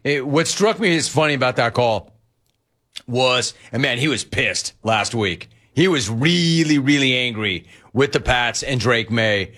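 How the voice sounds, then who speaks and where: A man hosting sports talk radio, ranting in an animated way and mimicking other people as he talks. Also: medium pitch, a little slow. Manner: animated, ranting, quoting others in mock voices.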